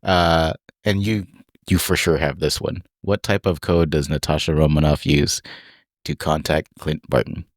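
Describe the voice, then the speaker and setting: A man's voice: a bass voice, fairly even intonation, a little slow, no echo, clean studio sound. A man co-hosting a casual podcast who reads out quiz questions plainly. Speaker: podcast co-host.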